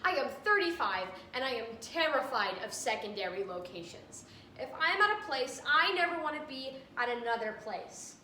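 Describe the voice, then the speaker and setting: Woman, stand-up performer, bright lively voice, recorded from a distance with faint background hum. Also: high voice, normal speed. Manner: animated, jumping into character voices. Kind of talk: stand-up comedy routine. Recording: echoey room, mic far off.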